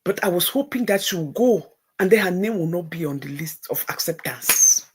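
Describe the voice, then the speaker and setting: A middle-aged woman, hosting a livestream and telling a personal story, moving between hushed near-whispers and tearful outbursts. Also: lowish voice, animated, normal speed. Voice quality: gravelly, very husky voice. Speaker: livestream host.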